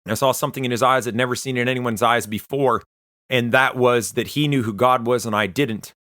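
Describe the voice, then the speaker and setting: Earnest man telling a bright personal testimony. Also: mid-range voice, fairly even intonation, no room sound, clean studio sound. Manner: earnest, conversational, halting retelling. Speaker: Christian testimony speaker.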